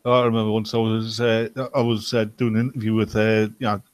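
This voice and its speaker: A man's voice: on the low side, flat delivery, fairly quick, clear, resonant tone, no room sound. A man in an online group voice chat, teasing his friends and telling a long anecdote full of fillers. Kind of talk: casual banter in group voice chat. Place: home, online voice call.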